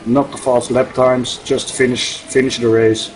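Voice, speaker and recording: A man's voice: mid-range voice, flat delivery, measured pace, noisy background. A man guesting as a racing driver in casual chat, grateful and modest.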